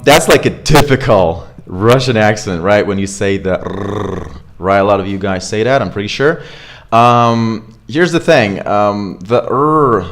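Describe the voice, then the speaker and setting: Slow, low-voiced man teaching pronunciation. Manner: slow, casual, chatty with fillers. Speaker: accent coach. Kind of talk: pronunciation lesson. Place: home studio with camera.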